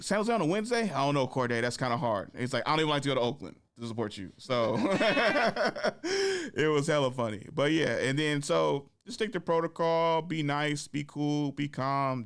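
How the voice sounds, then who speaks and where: Male podcast host and comic, smooth clean voice, mid pitch, animated storyteller who acts out quotes. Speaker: podcast host and stand-up comedian. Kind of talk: casual storytelling chat.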